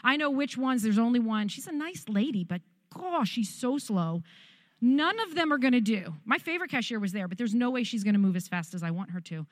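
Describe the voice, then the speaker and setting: Lady pastor with a higher voice, lively funny story in her sermon, dry sound. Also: brisk, no room sound. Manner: animated, humorous storytelling.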